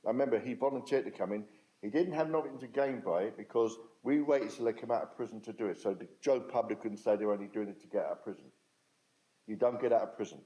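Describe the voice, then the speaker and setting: Older man, dark warm tone, emphatic, plain-spoken, speaking to an audience. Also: lowish voice, poor audio. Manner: blunt, plain-spoken, emphatic, dialect grammar. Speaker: speaker at a talk on restorative justice. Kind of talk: storytelling talk to an audience.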